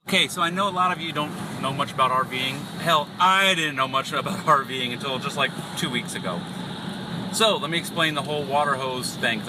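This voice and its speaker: A man's voice: mid-range voice, noisy background. A man talking casually to viewers in a travel vlog, crude and joking, filmed while driving. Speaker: vlogger. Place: driving a vehicle outdoors.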